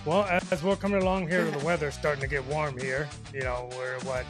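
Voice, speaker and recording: A man's voice: fairly high pitch, steady tone, brisk, over music. Rambling man telling a comic story. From El Paso, Texas, US. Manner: rambling, full of "you know" fillers. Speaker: podcast co-host. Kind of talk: casual comedic storytelling.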